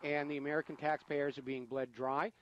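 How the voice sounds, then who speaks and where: A man's voice: on the high side, flat delivery, fairly quick, highs cut off. Radio host man over noisy audio. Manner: pointed, interjecting with hesitations. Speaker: radio talk show host. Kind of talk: radio interview.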